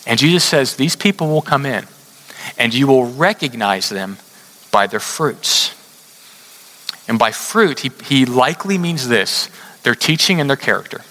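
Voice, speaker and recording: A man preaching a sermon, telling a story in a conversational way and slowing down hard to stress his points. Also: mid-range voice, lively intonation, bright, forceful tone. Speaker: pastor. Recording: long hall reverb.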